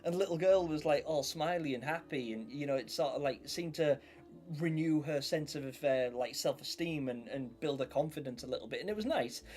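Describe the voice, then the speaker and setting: A man's voice: a little high, a little fast, darkish tone. A young man hosting a live stream, chatting casually and rambling as he greets viewers by name. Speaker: livestream host. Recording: faint music behind voice.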